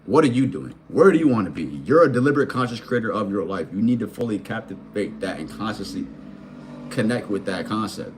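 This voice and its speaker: A vlogger and life coach in his thirties delivers a blunt, profane motivational rant full of slang, firing questions straight at the viewer. His lowish voice is expressive and fairly quick, with a little hiss or hum in the recording.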